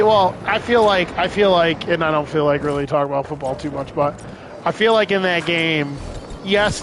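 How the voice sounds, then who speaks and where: A man's voice: a little high, background noise. A man streaming a game, telling rambling, profane stories with frequent laughs. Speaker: gaming streamer. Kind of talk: casual storytelling while gaming.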